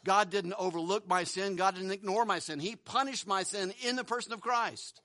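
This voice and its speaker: A man's voice: high-pitched, normal speed, sharp tone, no room sound. Male pastor, earnest sermon delivery, repeats words, close and dry sound. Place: church building.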